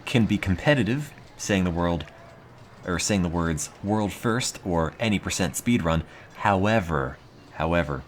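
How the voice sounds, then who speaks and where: Deep male streamer, dry deadpan monotone, self-mocking, lively pitch swings, faint hiss. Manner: dry, self-mocking, reads passages aloud. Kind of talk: casual live-stream chat.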